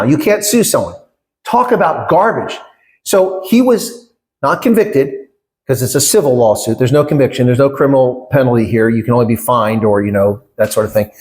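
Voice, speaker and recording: A middle-aged man answering interview questions in a conversational way, emphatic and indignant, with rhetorical questions and short laughs. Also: mid-range voice. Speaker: interview guest, former election candidate.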